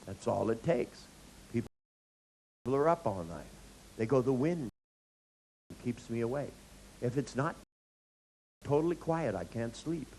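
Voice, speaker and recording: Animated male lecturer with faint hiss. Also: medium pitch, a little slow, pauses often, poor audio. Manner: animated storyteller, acts out lines in sing-song. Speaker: hypnotherapy instructor. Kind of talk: lecture with anecdotes.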